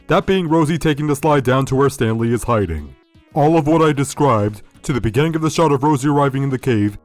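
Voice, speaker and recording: A man's voice: medium pitch, a little mellow, no echo. Sardonic man reviewing a cartoon. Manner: sardonic, profane. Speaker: video essay host. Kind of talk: critical review commentary.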